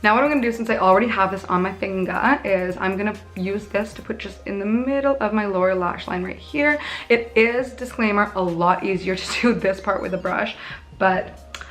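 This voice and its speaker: A woman's voice: mid-range voice, normal speed, faint music behind. A young woman in her twenties from Canada, chatting through a casual makeup tutorial with bubbly, self-mocking asides. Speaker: beauty vlogger.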